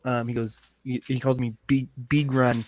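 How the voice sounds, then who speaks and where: A man's voice: medium pitch, level tone, normal speed, a little hiss or hum. A man co-hosting a podcast, telling rambling, heartfelt stories in casual chat with lots of swearing. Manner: profane, rambling, heartfelt storytelling. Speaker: podcast co-host.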